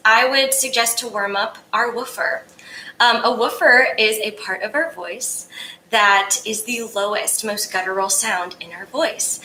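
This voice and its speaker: A woman's voice: a little high, bright, forceful tone, reverberant, slight background noise, poor audio. A young woman voice coach, upbeat and casual, answering viewers' singing questions and demonstrating exercises.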